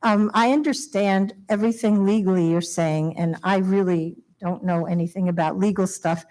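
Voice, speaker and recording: An older woman from Long Island stands at a podium microphone in a town hall and pleads with the board. Her delivery is heartfelt and emotional, broken by nervous little laughs, in a voice of middling pitch. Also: moderate pace, darkish tone. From Long Island, New York. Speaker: resident speaking at public hearing. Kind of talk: public comment at town meeting. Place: town hall meeting room.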